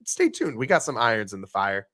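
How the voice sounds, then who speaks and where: A man's voice: lowish voice, big pitch swings, a little fast, sharp tone, no room sound, clean studio sound. A man guesting on a sports podcast, giving emphatic, opinionated analysis in casual chat.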